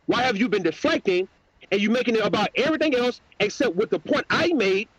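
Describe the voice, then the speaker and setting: A man's voice: very high voice, no room sound, lo-fi sound. A man hosting his own channel, delivering a profane, combative, mocking rant in a livestream. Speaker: YouTube channel host.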